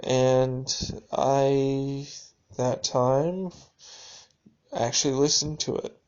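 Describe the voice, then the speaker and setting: A man speaking a reflective, halting personal video journal monologue, with restarts and dry sarcasm. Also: mid-range voice, steady tone, darkish tone, lo-fi sound.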